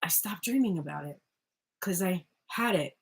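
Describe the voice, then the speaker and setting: A tarot reader gives a casual spoken reading, chatty and meandering, often cutting herself off mid-sentence, laughing, and saying "like" a lot. Her voice is lowish with a breathy edge, lively intonation, and a moderate pace.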